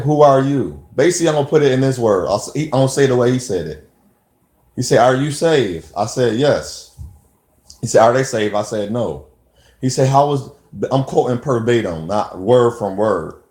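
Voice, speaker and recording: A man talks straight to camera in a loose, rambling monologue at an ordinary middle pitch, often slipping into quoted back-and-forth exchanges. His voice rings around a hard, echoey room. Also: a little mellow. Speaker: vlogger. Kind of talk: casual spoken monologue.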